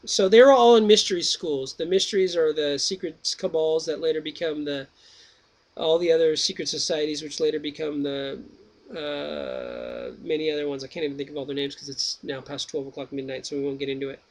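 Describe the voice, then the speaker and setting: A man's voice: a little high, fairly quick. A man reading a classical text aloud at home late at night, breaking off into rambling, offhand commentary. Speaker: reader and commentator.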